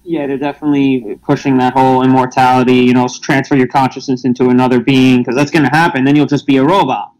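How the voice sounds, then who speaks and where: A man's voice: medium pitch, little pitch movement, fast, hardly any pauses, darkish tone, poor audio. A man in casual podcast chat, talking in an emphatic, insistent way. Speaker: podcast guest.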